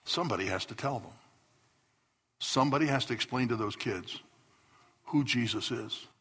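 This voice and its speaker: A man's voice: mid-range voice, moderate pace, pushed and bright, husky. A man preaching a sermon to his congregation as pastor, telling stories with earnest bursts of emphasis. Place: church hall before a congregation.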